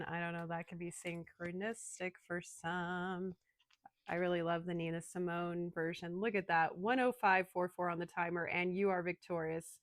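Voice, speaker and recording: Excitable woman tarot reader, dry close sound. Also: lowish voice, dry recording. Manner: emotional, excitable, addresses listeners as darling. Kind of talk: channeled tarot reading to viewers.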